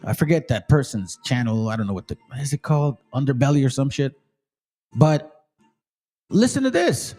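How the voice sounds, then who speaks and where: A man's voice: mid-range voice, very animated, moderate pace, dark tone, soft background music. A man hosting a commentary stream, reacting to a clip in a profane, combative way and addressing viewers as fam. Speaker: host.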